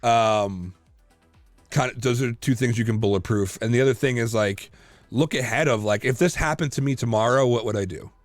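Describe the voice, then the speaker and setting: A man co-hosting a casual podcast chat, telling lively stories full of fillers and restarts. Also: medium pitch, normal speed, no echo, faint music behind. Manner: animated storyteller, many fillers and restarts. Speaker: podcast co-host.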